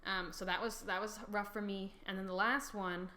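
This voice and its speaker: A woman in her twenties, co-hosting a podcast in casual chat, telling stories in an animated, self-mocking way. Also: medium pitch, normal speed. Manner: animated storytelling, self-mocking, laughs often. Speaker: podcast co-host. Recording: echoey room.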